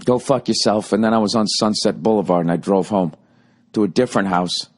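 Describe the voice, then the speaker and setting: A man hosting a solo podcast, rambling through a profane, comic monologue that swings from loud outbursts to low muttering. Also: brisk. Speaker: podcast host.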